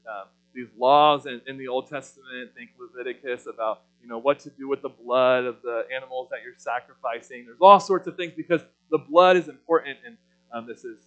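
A man preaching a sermon in a loose, conversational way, with many fillers and restarts. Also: medium pitch.

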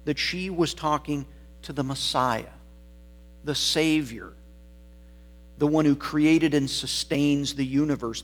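A man preaching a sermon, explaining scripture verse by verse and repeating key words for emphasis. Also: a little high. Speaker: pastor.

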